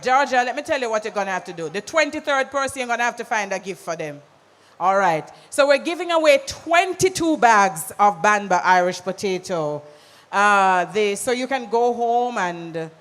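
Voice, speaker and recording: An MC with a Jamaican accent hosting a live event, calling out loud directions to a crowd and slipping into patois. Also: medium pitch. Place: large conference hall. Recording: hall reverb with music behind.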